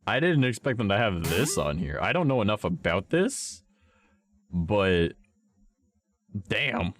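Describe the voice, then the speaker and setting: Man, deep vibrating voice, lively pitch, casual swearing streamer chat. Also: unhurried. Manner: swears often, jokes between reading; puts on a higher pitched voice. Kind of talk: casual chat reading about cryptids.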